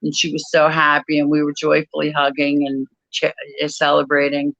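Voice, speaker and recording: A woman guest in an interview, telling a personal story in a measured, reflective way with frequent pauses. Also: low-pitched, completely flat delivery, fairly bright tone, no room sound, rough recording. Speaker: author and guest.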